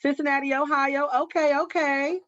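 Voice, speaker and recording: A high-pitched, slightly bright voice with a level tone comes from an Oakland, California, woman hosting a craft livestream. At a normal speed she reads viewer comments, chatting casually and calling them "baby" and "girl." The stream's audio is dry and slightly dull, without echo.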